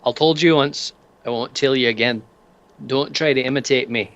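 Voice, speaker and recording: A man's voice: medium pitch, moderate pace, a bit bright, lo-fi sound, lightly acted. A man voicing a menacing, one-toothed male thug who threatens people and calls them lad.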